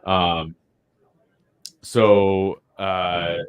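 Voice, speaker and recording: A man with a low voice co-hosts a casual podcast about bowling. He talks in a loose, rambling way, full of fillers, and laughs often. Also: little pitch movement, extremely slow, clean tone, narrow, tinny audio. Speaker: podcast co-host.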